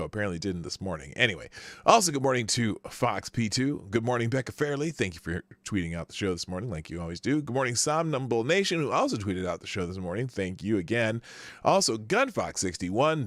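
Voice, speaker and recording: A man's voice: lowish voice, fairly bright tone, no echo. A man hosting a live morning stream, casually greeting chatters by name with rambling asides and self-corrections. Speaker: live show host. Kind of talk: casual live-stream chat, reading viewer names.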